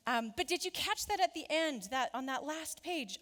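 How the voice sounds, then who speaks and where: Animated woman preaching in an echoey church. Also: sits high, normal speed. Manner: animated, playful read-aloud voice. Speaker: pastor. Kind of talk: sermon with a storybook reading.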